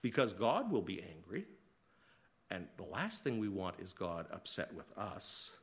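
Animated preaching man with lively pitch. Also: a little slow, vocal fry. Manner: animated preaching, swings between loud emphasis and quiet asides. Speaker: pastor. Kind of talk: sermon.

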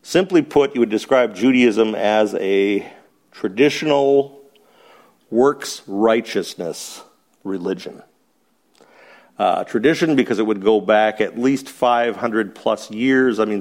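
A man's voice: lowish voice, moderate pace, few pauses, darkish tone. A man teaching a Bible study to a small group in a church, chuckling often and asking rhetorical questions and then answering them.

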